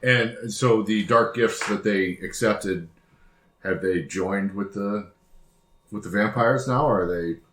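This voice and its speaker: A man's voice: lowish voice, slow pace, fairly bright tone. A man playing a tabletop game who jokes around with the group. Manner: joking, laughs often. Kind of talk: casual tabletop play. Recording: roomy echo.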